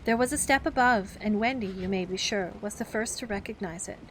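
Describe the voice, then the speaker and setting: A woman reading a children's classic aloud as a gentle bedtime story, taking on the characters' voices. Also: brisk, slight background noise. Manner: acts the characters with raised pitch for the children's outbursts.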